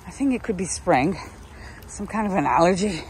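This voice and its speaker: A woman walks a woodland trail, audibly out of breath, her slow speech swinging high and low as she coos at her dogs. She breaks off into chatty asides, recorded on a handheld phone with faint outdoors ambience behind her. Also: a little mellow, a little hiss or hum. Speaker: dog walker. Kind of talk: casual walking vlog.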